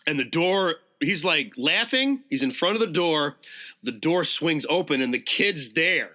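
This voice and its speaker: A man, a podcast guest, telling a rowdy story in casual chat, animated and profane, acting out the quotes. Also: on the high side, measured pace.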